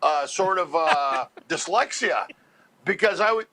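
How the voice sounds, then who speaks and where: A comedian from Montreal phones in and tells animated, rambling stories with frequent laughs. His voice sits high and sounds bright and forceful. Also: unhurried. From Montreal, Canada. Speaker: stand-up comedian, phone-in guest. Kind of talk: casual storytelling chat.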